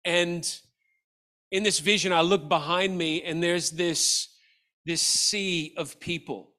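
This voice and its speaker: A man's voice: high-pitched, steady tone, takes it slowly, sharp tone. A middle-aged man preaching a sermon, earnest and exhortative, asking the congregation rhetorical questions. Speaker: pastor.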